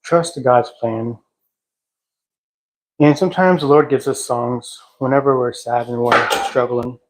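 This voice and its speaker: A man's voice: mid-range voice, fairly even intonation, a little hiss or hum, low-quality recording. Man thinking aloud on a livestream. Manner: reflective, halting, sings softly at times. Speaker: livestream host. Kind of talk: casual livestream talk. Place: at home, cleaning a house.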